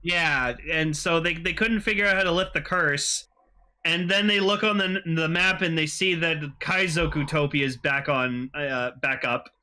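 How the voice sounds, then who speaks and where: The voice of a man with a bright, lively tone, set fairly high for his sex. He chats casually on a fan podcast, swears often and breaks into short impressions of characters. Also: smooth. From Canada. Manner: animated, acts out characters in quick impressions. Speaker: podcast co-host.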